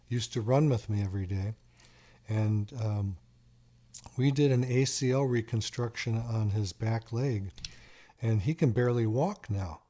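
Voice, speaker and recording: A middle-aged man with a lowish, mellow voice hosts a call-in radio talk show as a doctor. He chats and tells stories casually, and he repeats the phone number slowly.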